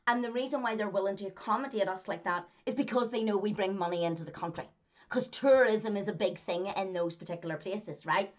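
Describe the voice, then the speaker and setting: A Northern Irish woman who used to be a track athlete talks to camera in a casual monologue, her medium-pitched voice brisk and the sound lo-fi. She's emphatic, driving her points home by repeating them and laughing often.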